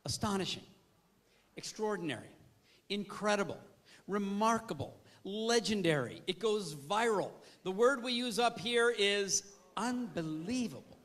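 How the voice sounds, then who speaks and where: Man, service trainer, high voice, energetic seminar talk, quizzes the audience. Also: a little slow.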